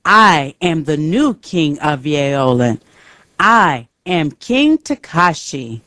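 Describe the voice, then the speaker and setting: A woman reading the lines of an arrogant young samurai warlord in a storybook, slowly and plainly. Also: low voice, sing-song, bright, forceful tone, no echo, clean studio sound, full character voice. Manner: slow, careful reading.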